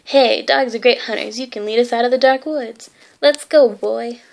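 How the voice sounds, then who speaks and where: A woman's voice: fairly high pitch, normal speed, vocal fry. A woman voicing a lazy, greedy, sarcastic male cartoon cat while reading a storybook aloud, grumbling in a dry tone. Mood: relieved.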